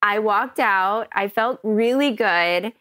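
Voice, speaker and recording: A woman from Kentucky, an actress guest on a podcast, telling a story in an animated, chatty way. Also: medium pitch, takes it slowly, dry recording. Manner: chatty, animated, often laughing.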